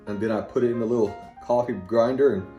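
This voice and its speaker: A plain-talking man with a Southern accent hosts his own home cooking video, rambling folksily as he mixes ingredients. His voice sits in an ordinary middle pitch. The kitchen sounds echoey, with faint music playing underneath. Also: fairly even intonation, fast, mellow, muffled recording. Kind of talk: casual cooking demonstration.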